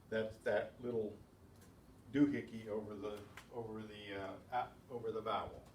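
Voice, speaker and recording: A man teaches beginners' Spanish in an echoey room, picked up by a distant mic with faint ambience and a little hiss or hum. His fairly low voice moves little in pitch and is unhurried and slightly mellow as he explains rules methodically, adding chatty asides.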